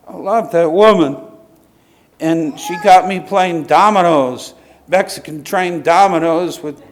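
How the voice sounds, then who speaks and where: A man preaching a sermon as pastor, telling personal stories in a conversational way, acting out quoted voices and closing in prayer. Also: fairly high pitch. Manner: conversational storytelling preacher, quick bursts and lively quoted voices.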